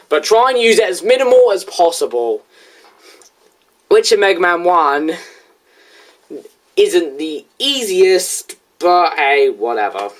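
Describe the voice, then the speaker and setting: Young reviewer, casual rant, rambling restarts, lively pitch, close plain recording. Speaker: video reviewer replying to a critic. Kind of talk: casual ranting commentary.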